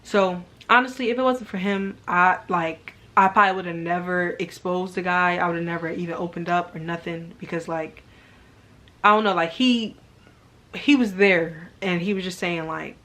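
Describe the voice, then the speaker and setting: A woman's voice: on the low side, steady tone, moderate pace, bright, forceful tone. A young woman telling a personal story to camera in a casual, rambling way, filling her sentences with "like" and sounding earnest and subdued. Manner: rambling, heavy use of "like" as filler. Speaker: vlogger.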